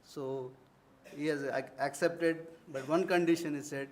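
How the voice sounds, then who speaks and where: A man delivers a formal vote of thanks in a university conference hall. His voice sits slightly high. He is earnest and ceremonial, and he breaks off now and then for warm personal asides. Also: steady tone, a little slow, a little hiss or hum. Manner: earnest, formal phrasing broken by warm anecdotes.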